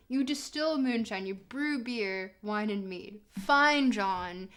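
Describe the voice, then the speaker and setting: A woman's voice: fairly high pitch, lively intonation, slow pace, pauses often, a bit bright. A woman streamer giving casual, joking commentary while playing, talking straight to her chat. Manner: chatty and joking, answers chat directly.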